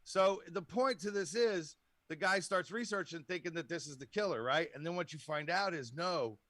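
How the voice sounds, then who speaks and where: A man's voice: fairly high pitch, moderate pace, a bit bright, dry recording. A man co-hosting a casual podcast chat, telling a long rambling story and laughing often. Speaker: podcast co-host.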